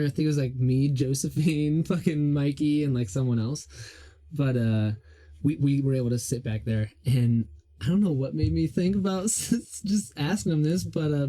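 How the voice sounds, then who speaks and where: A man's voice: fairly high pitch, dark tone. A young man hosting a podcast, telling a rambling story in casual chat and laughing through his words. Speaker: podcast host.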